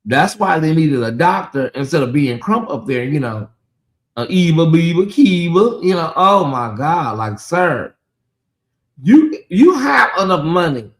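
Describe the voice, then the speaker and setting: A man's voice: on the high side, big pitch swings, unhurried. A man with a Southern US accent hosting a casual livestream, talking straight to his viewers and reading out and answering their chat. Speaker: livestream host.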